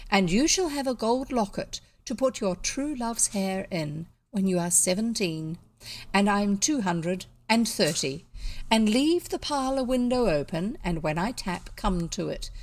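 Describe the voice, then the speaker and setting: A woman voicing a gallant masked highwayman. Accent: New Zealand. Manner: commanding, then softly gallant. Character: gallant masked male highwayman, bold and gentle.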